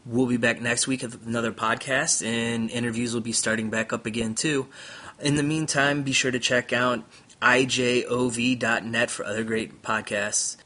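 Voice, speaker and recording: A man's voice: mid-range voice, moderate pace. A man reading out the closing announcements of his podcast with a few fillers. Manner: plain, steady read with fillers. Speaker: podcast host. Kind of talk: scripted outro announcement.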